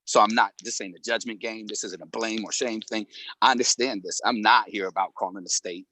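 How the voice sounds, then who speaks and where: A man's voice: lowish voice, steady tone, a little fast, sharp tone. A middle-aged man talking openly as a panel guest in a casual conversation, emotional and laughing often, with many fillers.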